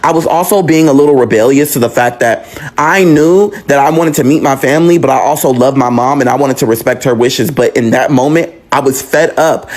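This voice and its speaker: A young man telling a personal story in a vlog, expressive and casual, swearing now and then. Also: fairly high pitch.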